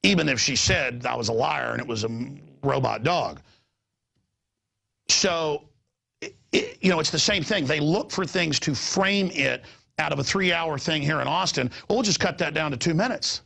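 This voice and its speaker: A middle-aged male host with a gravelly, husky voice that sits a bit high for a man. He rambles excitedly, stumbling over and repeating his words as he chats with a guest. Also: moderate pace. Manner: excitable, repeats words, jumps between pitches. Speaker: talk show host. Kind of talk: animated rambling talk-show chat.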